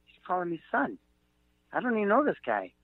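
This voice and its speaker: A middle-aged man, a comedian guest, telling a rambling story with halting fillers and restarts, acting out the quotes, over a tinny phone-like line. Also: sits high, wildly swooping pitch, no room sound.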